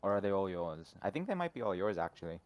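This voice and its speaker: A man's voice: deep voice, very animated, fast talker. A man playing along on a game stream, chatting easygoingly with dry humor. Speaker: guest co-player. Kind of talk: casual gaming chat.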